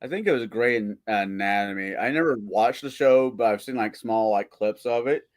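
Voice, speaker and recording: A man with a lowish voice streams at a normal speed, chatting casually and rambling. He tells crude jokes, swears freely, and acts out the voices in them.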